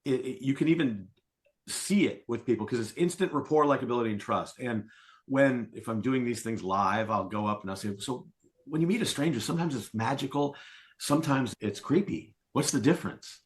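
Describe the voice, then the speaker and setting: A middle-aged man speaking as a sales coach in a podcast interview, telling stories and acting out quoted lines with lively voices. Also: mid-range voice, brisk. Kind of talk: conversational interview.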